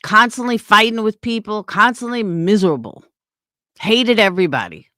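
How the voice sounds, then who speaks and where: A woman's voice: mid-range voice, animated, moderate pace, bright, forceful tone, no room sound, clean studio sound. A middle-aged woman rants to camera as a YouTuber, blunt and heated and swearing often. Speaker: YouTuber and small business owner. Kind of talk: ranting to camera.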